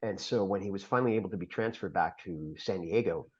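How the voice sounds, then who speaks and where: A middle-aged man, a podcast guest, telling a long personal story in an earnest, halting way with many fillers. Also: sits low. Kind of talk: storytelling interview. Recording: dull lo-fi podcast audio.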